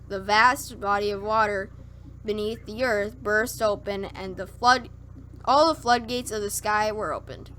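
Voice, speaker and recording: A woman's voice: a little high, fairly bright tone, slight background noise. A woman streamer reading scripture aloud on a livestream, stumbling and correcting herself and breaking off for wry, skeptical asides. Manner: halting reading with slips and self-corrections.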